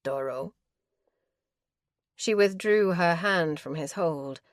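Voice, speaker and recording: A woman narrating an audiobook in a measured, even reading style. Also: fairly low pitch, no echo, clean studio sound. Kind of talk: scripted narration.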